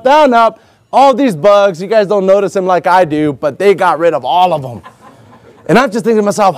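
A young man preaching a lively, joking sermon as a substitute preacher, acting out little scenes and slowing down to read scripture with emphasis. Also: sits high, dry recording. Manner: slow, emphatic scripture reading.

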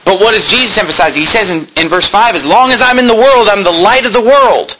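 A male pastor preaching an intense sermon, building to shouted quotes and stumbling over quick restarts. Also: high-pitched, noisy background. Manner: intense preaching, rising to shouts when quoting, with stammered restarts. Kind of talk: fervent sermon.

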